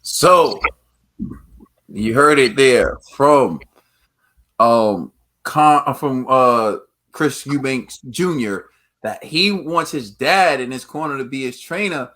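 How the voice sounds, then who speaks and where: A man hosting a casual podcast, halting and filler-heavy as he tees up the topic. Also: medium pitch, animated, a bit bright. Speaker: podcast host.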